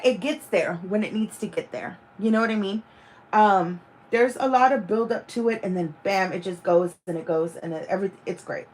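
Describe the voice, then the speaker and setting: A woman's voice: on the low side, slight background noise. A woman hosting a livestream, chatting casually in a rambling, profane way with many fillers. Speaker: livestream host. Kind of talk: casual chat.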